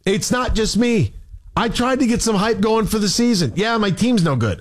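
Sports radio guy venting, high voice, bouncing all over, keeps repeating himself. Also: animated, moderate pace. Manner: exasperated, rhetorical, repeats himself. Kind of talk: heated opinion rant.

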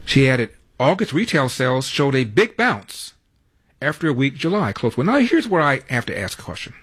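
A man's voice: medium pitch, very animated, normal speed, fairly bright tone, breathy edge. A man hosting a talk radio show in a studio, rattling through headlines with wry, sarcastic asides. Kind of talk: talk radio news rundown and monologue.

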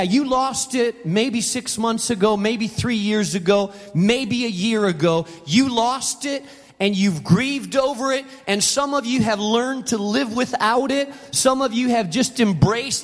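A middle-aged man, a pastor, preaching a sermon in a church auditorium and telling personal stories in a conversational way, acting out the voices in them. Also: sits high. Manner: conversational, acts out voices in anecdotes. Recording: reverberant hall sound.

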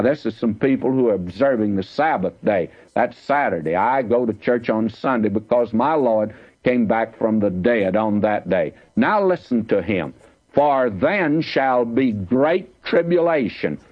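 A man teaching through the Bible in a folksy sermon, slowing down to stress the scripture he reads. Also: medium pitch. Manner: folksy, slows down for emphasis on scripture. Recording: dull lo-fi old recording.

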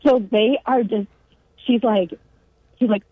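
Speaking at a normal pace in a medium-pitched, slightly rough voice, a middle-aged woman from California shares a long family story in casual chat. She's a lively storyteller, imitating the quoted voices and laughing as she goes. The audio is dry and narrow, like phone-style radio.

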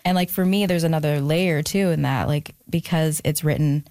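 A woman's voice: sits low, moderate pace, mellow, dry recording, studio quality. A woman author talking reflectively about her family, with frequent fillers. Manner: reflective, gets emotional, many fillers. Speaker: author guest. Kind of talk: casual interview chat.

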